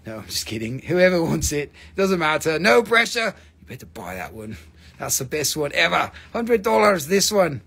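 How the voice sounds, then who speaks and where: Husky, lively man hawking crystals. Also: on the high side, moderate pace. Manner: joking, swearing, lively asides. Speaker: live-stream crystal seller. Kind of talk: casual live sales chat.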